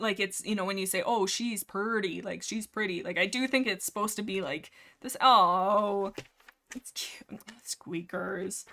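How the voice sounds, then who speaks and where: A young woman hosting a livestream, chatting in a rambling, casual way about a book series, full of fillers, restarts and quick acted quotes. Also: mid-range voice, sharp tone. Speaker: livestream host.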